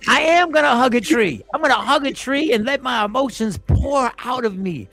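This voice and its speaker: A man hosting a casual group chat on a livestream, animated and joking, swearing freely. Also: very high-pitched, normal speed, faint music behind. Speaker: host.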